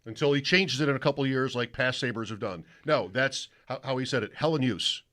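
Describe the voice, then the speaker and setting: A man's voice: medium pitch, fairly quick, fairly bright tone. A man hosting a sports radio show, talking casually in a rambling, self-interrupting way from the studio.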